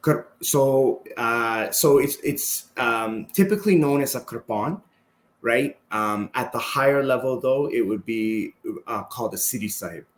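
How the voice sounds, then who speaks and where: In a roomy-sounding recording, a relaxed Canadian man speaks in a mid-range voice at a measured pace. He's a martial arts instructor on a podcast, telling casual conversational stories and ending lines with "right?"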